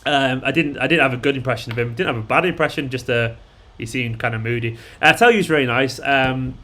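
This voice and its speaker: A man's voice: medium pitch, fast talker, pushed and bright. A man hosting a fan live stream, chatting casually and bluntly, swearing and rambling with lots of fillers. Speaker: fan channel host.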